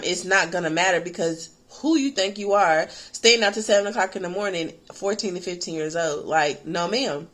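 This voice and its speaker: Woman vlogger doing a storytime, bright punchy voice, says "like" a lot, gets preachy. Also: fairly low pitch. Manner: animated, heavy use of "like", turns to earnest advice. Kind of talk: casual storytime.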